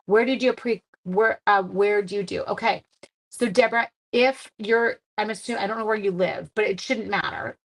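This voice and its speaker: A woman's voice: medium pitch, normal speed, low-quality recording. A middle-aged woman leading a live-streamed card-making demo, chatting casually and poking fun at herself as she works. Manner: chatty, self-deprecating, talks while working.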